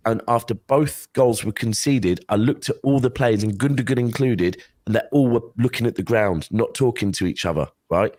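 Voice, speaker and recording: An earnest man argues his case on a football panel, restarting his sentences as he goes. His voice sits at a middle pitch. The sound is dry and close. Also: moderate pace, few pauses, darkish tone, no room sound. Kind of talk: casual panel chat.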